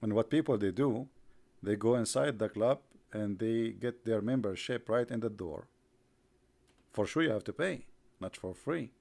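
A man's voice: on the low side, moderate pace, gravelly, a little mellow. A man hosting a live online broadcast, mocking his subject with sarcastic rhetorical questions, repetition and bursts of laughter. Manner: rhetorical, repeats himself.

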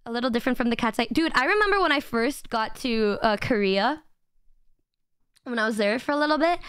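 A woman's voice: on the high side, fairly bright tone, smooth, no echo, studio quality. A woman streamer in casual chat with her viewers, rambling and playfully crude, often stammering and repeating words.

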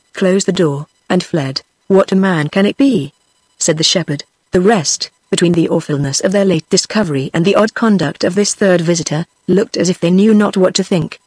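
A synthetic woman's voice with a British accent, reading a story aloud in a steady, machine-like way and sometimes speaking punctuation marks. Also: fairly low pitch, breathy edge, dry recording. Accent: British English. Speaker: audiobook narrator. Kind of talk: text-to-speech book reading.

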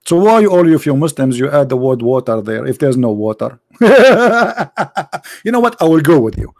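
A man's voice: mid-range voice, very animated, fast, dark tone, no echo, clean studio sound. A man hosting a heated call-in debate show, speaking non-native English with broken grammar in a mocking, sarcastic way and calling his opponent "brother" again and again. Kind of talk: heated live debate with callers.

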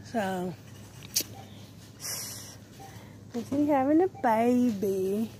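A slow, unhurried woman mutters her way through a store, slangy and a little breathless from her mask. Her voice sits a touch high. A lot of store noise rides under her phone recording. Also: animated. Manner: slangy, talks to herself while browsing. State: short of breath from a face mask. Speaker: vlogger. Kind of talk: casual shopping vlog. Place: indoors in a discount store. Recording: noisy store background.

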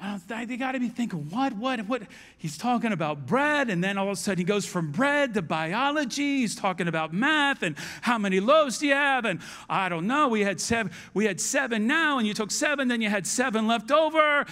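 Man, 50s, pastor, sermon, high voice, animated, acts out dialogue. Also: fairly quick, hardly any pauses.

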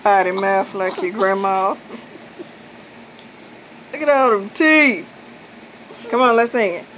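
A woman's voice: medium pitch, slow, poor audio. A middle-aged woman babysitting her toddler grandsons at home, teasing them in playful baby talk, laughing often in a sing-song way. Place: home, indoors. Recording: steady air-conditioner hum behind.

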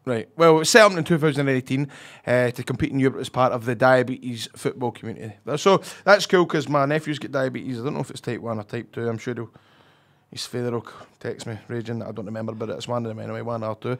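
A man's voice: medium pitch, fast talker, a bit bright. A middle-aged Scottish man co-hosting a football podcast in casual chat, telling stories with laughs and swearing freely. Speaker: podcast co-host.

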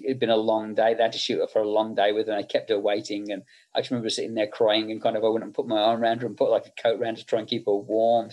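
A man's voice: medium pitch, a little mellow. A middle-aged man, a makeup effects artist, chatting casually in an interview and telling anecdotes with many fillers.

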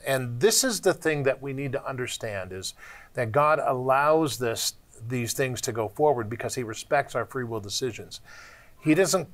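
A man's voice: mid-range voice, a bit bright. A man hosting a ministry television show, teaching and exhorting in an earnest, preacherly way on a studio microphone. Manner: earnest, exhorting, slows down to stress points. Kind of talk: preacherly Bible discussion.

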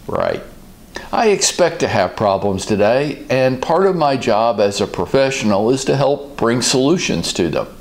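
A man hosting a business advice talk, speaking in a calm, measured and direct way. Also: mid-range voice. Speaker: host, business coach.

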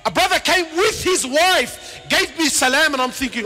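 Male preacher, impassioned sermon, very high bright voice, echoing hall. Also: expressive, fairly quick, few pauses. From Lebanon. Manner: impassioned, swings between shouting and quiet asides; peppers speech with Arabic words and casual slang. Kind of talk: passionate sermon. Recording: reverberant hall.

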